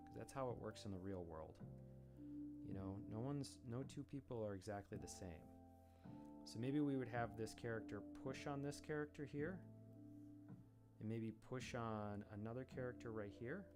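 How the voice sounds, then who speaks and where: A man's voice: mid-range voice, normal speed. Man musing aloud while sketching. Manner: relaxed, self-deprecating, thinks aloud while drawing. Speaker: artist streaming a drawing session. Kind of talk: casual live-stream drawing commentary. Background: guitar music.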